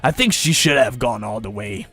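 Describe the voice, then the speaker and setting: A man voicing a cursed schoolgirl spirit in a deep, gravelly horror-movie voice, slow and ominous, reading a visual novel aloud. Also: lively intonation, a bit bright, faint music behind. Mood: gushing. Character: creepy girl spirit, cursed, deep and menacing.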